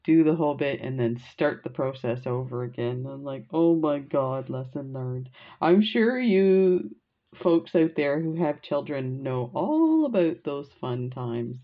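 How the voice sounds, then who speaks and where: Beading as she talks, an older crafting vlogger rambles through humorous family anecdotes with plenty of laughter. Her voice is low, and the recording sounds muffled.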